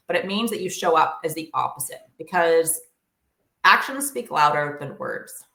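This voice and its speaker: Earnest woman coach, low voice, roomy sound. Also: lively intonation, normal speed, pushed and bright. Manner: earnest, emphatic, frequent fillers. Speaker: guest, co-parenting coach. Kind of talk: interview conversation, explaining advice.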